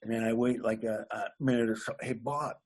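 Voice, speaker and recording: Husky man telling a story. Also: lowish voice, fast talker. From Massachusetts. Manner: animated anecdote teller, laughs along. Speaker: comedian guest. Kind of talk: casual storytelling.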